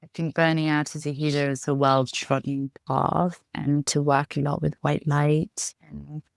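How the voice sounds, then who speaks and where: A woman's voice: low-pitched, flat delivery, a little slow, vocal fry, no room sound. A woman healer as a podcast guest, talking reflectively with lots of "just" and "like". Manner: reflective, many fillers like "just" and "like". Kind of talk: interview conversation.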